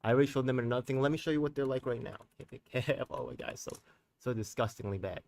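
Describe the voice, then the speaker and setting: A man hosting a live stream as a community activist. He talks in a heated, profane, rambling way, full of street slang, and keeps turning to his viewers with quick tag questions. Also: mid-range voice, fairly even intonation, creaky, darkish tone, recorded from a distance, a little hiss or hum.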